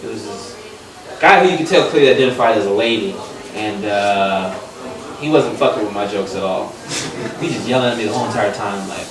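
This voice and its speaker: A young man from Los Angeles doing a stand-up comedy set, loud on punchlines and dropping low for asides. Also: fairly quick. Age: young adult. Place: comedy club stage. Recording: echoey live room, mic far off, crowd laughter.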